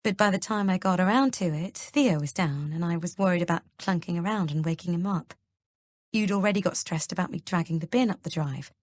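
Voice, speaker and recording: Worried young husband, hesitant and gentle, read by a woman narrator; low, dry recording. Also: brisk, no room sound, lightly acted. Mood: earnest. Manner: soft, hesitant pleading. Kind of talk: audiobook character reading.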